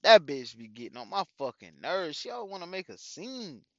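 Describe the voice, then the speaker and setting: In this loose, profane storytelling monologue, a middle-aged dad tells his followers casual stories, tossing "man" into almost every line. His slightly high, bright voice is very animated and moves at a normal speed. The lo-fi recording has no echo.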